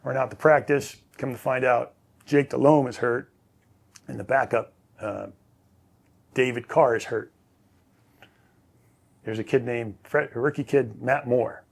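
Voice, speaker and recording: Gravelly husky-voiced man. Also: mid-range voice, measured pace, pauses often. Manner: relaxed, rambling with frequent fillers and restarts. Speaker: interview guest, former quarterback. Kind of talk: casual storytelling.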